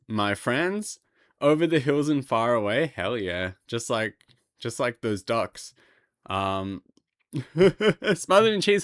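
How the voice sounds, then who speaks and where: Male streamer goofing around with chat, kinda high voice, smooth and dry. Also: fairly bright tone, no echo. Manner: playful, hyper, rambling jokes to chat. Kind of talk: casual livestream chat.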